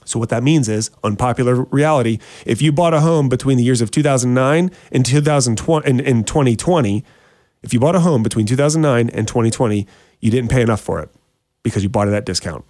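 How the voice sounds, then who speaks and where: A man's voice: medium pitch, quick pace, darkish tone, no room sound. Talk-show host, male, easygoing explainer, dry close sound. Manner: chatty, addresses listeners as friends, repeats words while thinking. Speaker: real estate show host.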